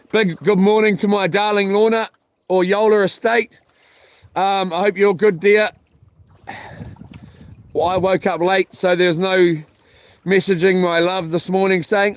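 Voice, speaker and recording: Kiwi guy rambling on a boat outdoors, highish voice, casual chat. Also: slow pace, long pauses, dry recording. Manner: rambling, chatty and playful. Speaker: fishing vlogger.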